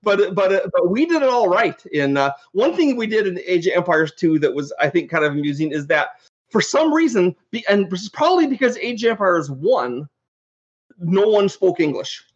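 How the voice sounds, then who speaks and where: On a podcast, a male game designer rambles through anecdotes with energy, breaking off and restarting sentences as he goes. He speaks at a moderate pace in a high-pitched voice, and the audio is dull.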